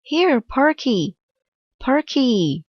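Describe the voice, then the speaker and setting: A woman's voice: sits low, sing-song, slow, dry recording, exaggerated voice. A woman voicing an earnest, caring young boy in a storybook read-aloud. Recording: slightly dull dry recording.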